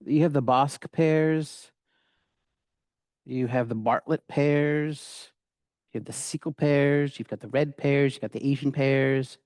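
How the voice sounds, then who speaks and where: A man's voice: medium pitch, steady tone, takes it slowly, a little mellow, no room sound, studio quality. A middle-aged man giving a casual, rambling cooking demonstration, with many fillers and restarts. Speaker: cooking instructor.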